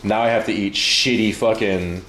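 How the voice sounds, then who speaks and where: A man streaming from home, chatting casually, excitable and profane, rambling from one thing to the next. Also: fairly low pitch, normal speed, roomy sound, noisy background. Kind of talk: casual livestream chat.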